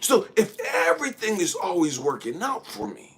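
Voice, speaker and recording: A man's voice: high voice, sing-song, moderate pace, fairly bright tone, slightly rough. A man giving a blunt, profane spiritual monologue, preaching hard and at times dropping into a whisper. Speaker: spiritual speaker.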